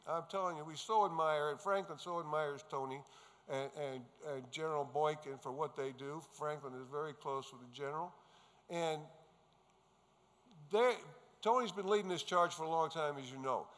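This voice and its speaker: A New York man addresses a gathering of pastors at a conference, earnestly and emphatically telling his testimony as he goes. His voice sits on the high side and is a bit bright, at normal speed, with the reverberant sound of a hall around him.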